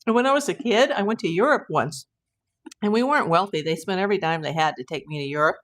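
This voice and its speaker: Brief: woman live-stream host, loose rambling chat with frequent laughs, slightly low-pitched voice. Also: fast talker, fairly bright tone. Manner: rambling, anecdotal, laughs often. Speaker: host of a live YouTube channel.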